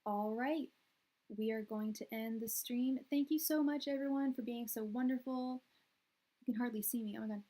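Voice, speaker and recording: A woman hosting a tarot live stream from a room at her parents' house, chatting in a soft, soothing voice with many fillers and restarts. Her audio comes through quiet and low. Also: normal speed, low-quality recording. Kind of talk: casual live-stream chat. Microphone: quiet, low-level live-stream audio.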